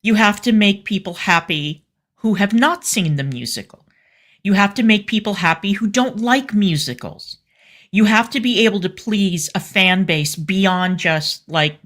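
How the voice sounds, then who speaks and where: Gushing, low-voiced woman co-host. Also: a bit bright. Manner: candid and effusive, with fillers and restarts. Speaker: show co-host. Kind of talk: casual commentary chat.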